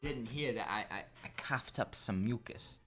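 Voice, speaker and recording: A man's voice: medium pitch, moderate pace, fairly bright tone, soft background music. A young man, slightly sick with a cough, swearing and joking as he plays through and reads a story game. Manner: profane, joking, rambling. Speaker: let's play gamer. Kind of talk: casual game commentary and reading aloud.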